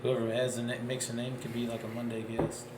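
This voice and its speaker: A man who is a guest musician on a casual podcast, making quick offhand remarks, picked up by a distant mic in a noisy room. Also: mid-range voice, monotone, a crowd in the background. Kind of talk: casual chat. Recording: distant mic in an echoey room with background noise.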